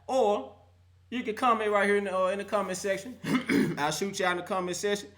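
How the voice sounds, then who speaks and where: A man's voice: high voice, steady tone, fast, a bit bright. A young adult man hosting a live call-in sports show, roasting players and fans in a laughing mock-preacher style.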